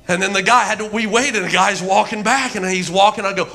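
A man's voice: high-pitched, brisk, few pauses. A man preaching a sermon as a pastor, telling stories with humor and acting out the voices of the people in them. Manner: animated storytelling, acting out voices. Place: church.

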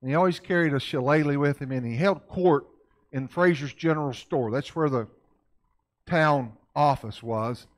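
A man's voice: a little high, moderate pace. A man giving a conversational church lecture in a folksy way, constantly checking in with his listeners with questions. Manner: folksy, keeps asking the audience questions.

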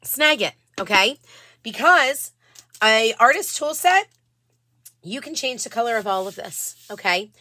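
A woman hosting a casual live craft stream, chatting warmly with viewers and often restarting her sentences. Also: a little high, lively intonation, measured pace, no room sound. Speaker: live-selling craft host.

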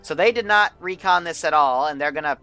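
A man's voice: fairly high pitch, brisk, pushed and bright, smooth, faint music behind. A man running a multiplayer military game on a livestream, talking casually and bossing players around with plenty of swearing. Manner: brash, profane, bossy toward players.

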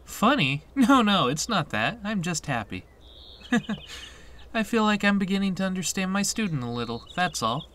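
A man reading the lines of a cheerful, probing young female instructor in a raised, lively voice, during a game playthrough. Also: high-pitched, normal speed, voice pushed up, full character voice. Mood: cheerful teasing. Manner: reads the on-screen dialogue aloud in a raised, lively voice.

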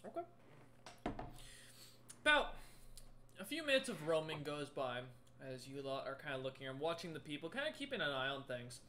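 A man's voice: fairly high pitch, sing-song, normal speed, pauses often, pushed and bright, a little hiss or hum. A man running a tabletop game as game master, narrating casually with many fillers and restarts. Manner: casual, filler-heavy, rambling.

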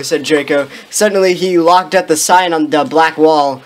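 A woman's voice: deep voice, moderate pace. A woman doing a comedic reading of a badly written fan fiction, stumbling over misspelled words and laughing. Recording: faint background noise.

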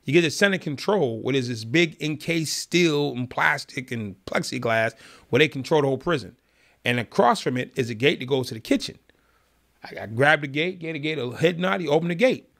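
Gravelly, animated man telling a story. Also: a little high, brisk. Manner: calm, streetwise, vivid retelling. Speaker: guest. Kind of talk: storytelling in an interview.

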